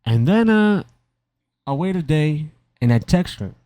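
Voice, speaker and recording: A man's voice: a little high, sing-song, measured pace, warm tone, no echo. A young man casually telling a rambling, self-mocking story over gameplay, often stumbling and repeating his words. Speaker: gaming commentator.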